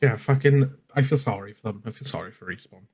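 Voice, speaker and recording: A man's voice: medium pitch, fast talker, a little mellow. A man co-hosting a podcast in casual chat, rambling and swearing as he tells stories. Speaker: podcast co-host.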